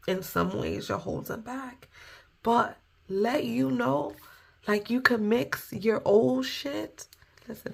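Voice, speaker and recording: Slow, gravelly-voiced woman tarot reader. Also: medium pitch. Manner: heartfelt and informal, with occasional cursing. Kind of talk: casual spoken tarot reading.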